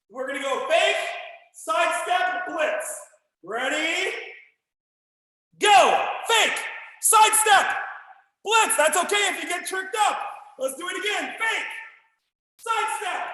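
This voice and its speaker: A high, bright male voice belts out counts and drill commands as a martial arts instructor. His energetic shouts ring through a big studio with long reverb. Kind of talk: live online class instruction. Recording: echoey room with long reverb.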